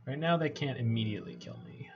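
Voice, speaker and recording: A man from Canada giving casual gameplay commentary, chatty and joking as he thinks out loud. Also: mid-range voice, fast, faint music behind. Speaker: game streamer. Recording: slightly muffled with faint hiss.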